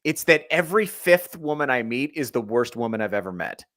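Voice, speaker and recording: A man hosting a casual podcast chat, talking in a manic, animated way with plenty of swearing. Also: mid-range voice, brisk, no echo, studio quality. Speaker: podcast host.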